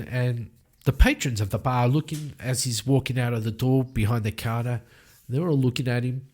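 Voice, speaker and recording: Man narrating a solo tabletop game. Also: medium pitch. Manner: lively storytelling, acting out scenes.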